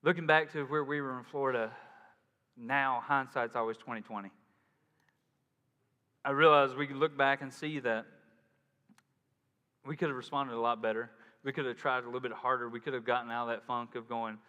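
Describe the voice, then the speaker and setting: A man preaching a sermon as pastor, in a casual, animated way, acting out quotes. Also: medium pitch, normal speed, long pauses, clean tone. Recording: long hall reverb.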